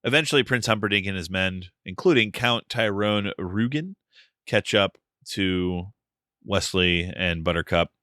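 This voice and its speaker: A man's voice: low-pitched, a little slow, pushed and bright, dry recording, studio quality. A man co-hosting a podcast, recapping a film plot in a wry, joking way. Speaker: podcast co-host. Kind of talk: casual film discussion.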